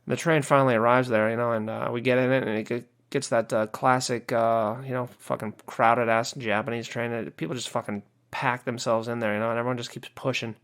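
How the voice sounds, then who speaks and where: Gravelly-voiced man ranting casually. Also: medium pitch, level tone, a little fast, hardly any pauses, a bit bright. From United States. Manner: swearing, frequent "you know" fillers, exasperated. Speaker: podcast host. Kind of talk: casual rant.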